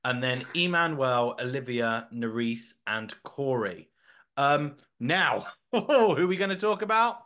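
A man's voice: mid-range voice, measured pace. A man hosting a casual podcast, rambling and joking with plenty of fillers. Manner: animated, jokey, rambling with fillers. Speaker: podcast host.

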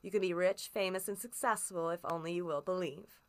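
A woman reading an audiobook aloud, voicing an impatient, sinister short man who speaks urgently and forcefully. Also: lowish voice, fairly even intonation, fairly quick, natural voice. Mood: commanding.

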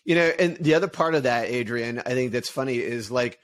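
A middle-aged man co-hosting a casual business chat, talking in an animated way and acting out sample ad voices. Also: medium pitch, brisk. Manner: animated, acts out ad voices, laughs easily. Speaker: podcast co-host.

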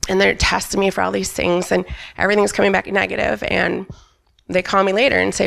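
Brief: middle-aged woman, heavy vocal fry, frank and emphatic church testimony. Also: mid-range voice, level tone, quick pace, fairly bright tone. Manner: candid, emphatic storyteller who quotes herself. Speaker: church member giving a testimony. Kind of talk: personal testimony at a church service. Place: church stage.

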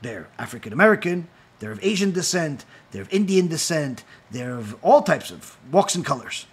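A rabbi giving an impassioned talk, firing rhetorical questions and acting out quoted voices. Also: male voice, on the high side, very animated, moderate pace, husky.

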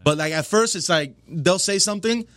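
This is a man in his thirties, a working stand-up comic, swapping crude, easygoing stories on a podcast. His voice sits a bit high, and the sound is dry and close with no room around it. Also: normal speed, a bit bright, no echo. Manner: profane, storytelling, laid-back. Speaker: stand-up comedian, podcast guest. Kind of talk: casual podcast chat.

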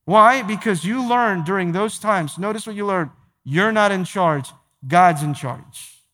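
A pastor preaching a sermon to his church, emphatic, repeating phrases and slowing down to stress key points. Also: sits high, fairly bright tone. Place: large church sanctuary. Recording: long hall reverb.

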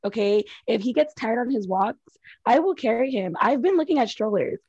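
A woman of Mexican heritage co-hosts a podcast. She talks candidly, swears freely and tells stories with energy. Her voice is mellow and the sound is dry. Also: a little high, normal speed, slightly rough, no room sound, lo-fi sound. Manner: candid, profane, animated storytelling. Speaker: podcast co-host. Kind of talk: casual chat.

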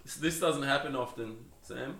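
Bright-voiced chatty man. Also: medium pitch, moderate pace, gravelly, echoey room. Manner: chatty, laughs often, trails off into fillers. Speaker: podcast co-host. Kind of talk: casual chat.

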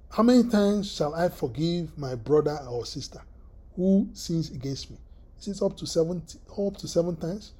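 Halting husky preacher. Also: medium pitch, mellow. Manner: halting, repeats words, asks the listeners questions; often clears throat. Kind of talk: sermon.

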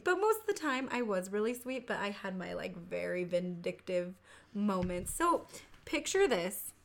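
A middle-aged woman chatting casually, telling family stories in an animated way and laughing often. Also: mid-range voice, moderate pace, gravelly. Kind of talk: casual chat.

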